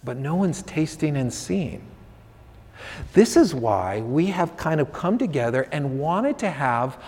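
A man's voice: fairly high pitch, big pitch swings, slow, a little mellow, breathy edge. A man preaching a sermon as pastor, talking conversationally and acting out what his listeners might say, in a church. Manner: conversational, acts out voices of listeners. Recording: long hall reverb.

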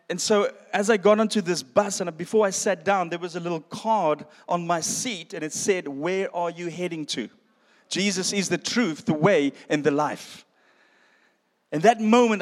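A man giving a sermon testimony, telling his story with self-deprecating humor and calling his listeners friends. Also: high voice. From South Africa. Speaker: preacher. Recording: long hall reverb.

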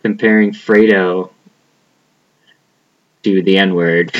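A young man with a somewhat low voice talks loosely in a casual podcast chat. He rambles, swears freely and leans on filler words, often trailing off mid-thought. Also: animated, extremely slow, muffled recording. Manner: rambling, profane, trailing off with lots of "like".

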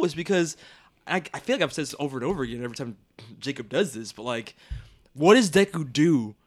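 This is a young man co-hosting a casual podcast, with a slightly high voice. His pitch jumps around animatedly. He talks effusively, laughs often and scatters fillers everywhere. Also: fairly bright tone. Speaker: podcast co-host.

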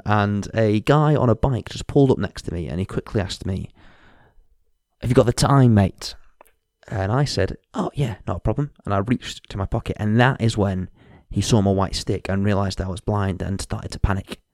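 A man's voice: lowish voice, normal speed, few pauses, a little mellow, dry recording. Young guy ranting on his podcast, swears a lot, mocks people, dry close sound. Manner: frank, sweary and self-mocking, with mocking impressions. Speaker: podcast host. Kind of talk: candid solo podcast monologue.

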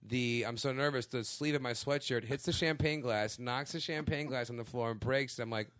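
A man's voice: mid-range voice, normal speed, no room sound. A young man, a podcast guest, telling a story in casual chat and acting out what people said. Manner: animated storyteller acting out quoted voices.

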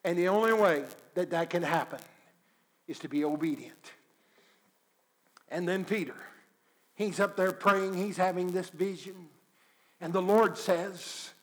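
A man preaching a sermon, acting out scripture scenes with sudden swings between loud urging and hushed pleading. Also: high voice, unhurried, long pauses, low-quality recording. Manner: dramatic, acts out dialogue with God, swings from loud to hushed.

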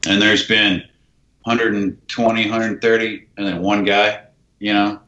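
Low-voiced bright man, roomy lo-fi sound. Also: a little slow. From United States. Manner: animated, acts out dialogue, swears casually. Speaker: guest, army veteran. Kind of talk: casual storytelling.

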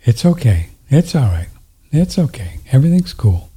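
A man's voice: medium pitch, big pitch swings, moderate pace, mellow, slightly rough. A man telling a story in a casual chat on a studio mic, rambling, emotional and tender, often laughing.

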